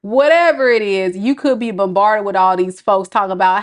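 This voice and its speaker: A woman's voice: medium pitch, moderate pace, hardly any pauses. A woman giving a casual tarot reading to her viewers. She talks to them directly in a chatty, playful way and often laughs at her own jokes. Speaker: tarot reader.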